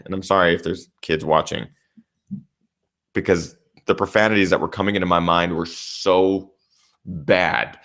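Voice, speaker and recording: A young man, a trail runner and channel host, recapping a race in casual, animated storytelling, swearing freely. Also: low voice, unhurried, creaky.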